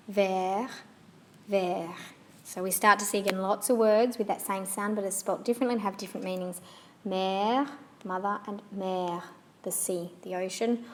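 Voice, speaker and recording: A woman who grew up guides learners through French sounds. She talks in a calm, even teaching voice at a middle pitch and says each example word slowly and carefully, more than once. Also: slight background noise. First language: English. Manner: patient, repeats model words slowly and carefully. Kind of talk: slow, clear pronunciation lesson.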